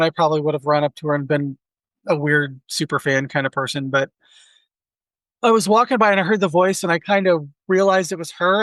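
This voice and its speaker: A man's voice: high-pitched, fairly bright tone, no room sound. A man in his forties, a podcast co-host, telling a long rambling anecdote in casual chat full of asides.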